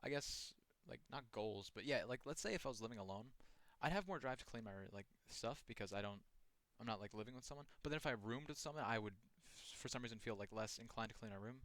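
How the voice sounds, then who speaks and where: A man's voice: medium pitch, animated, fast talker, hardly any pauses, a bit bright, dry recording. A young man talking loosely over a horror game he is playing, rambling and restarting his sentences with many fillers. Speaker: gaming channel host. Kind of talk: casual gameplay commentary.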